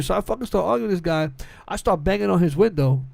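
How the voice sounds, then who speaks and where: A man's voice: high voice, fast talker, creaky, hardly any pauses, no room sound. A young man telling a rambling story on a casual podcast, laughing often and acting out the other people in it. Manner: animated, laughs often, acts out quotes with cursing and slang. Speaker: podcast co-host.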